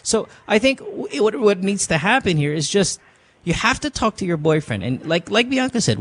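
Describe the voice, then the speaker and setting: Blunt, profane Filipino host. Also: male voice, sits high, very animated, moderate pace, a bit bright. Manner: blunt, profane, switching between English and Tagalog. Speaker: podcast host giving advice. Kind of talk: casual advice talk.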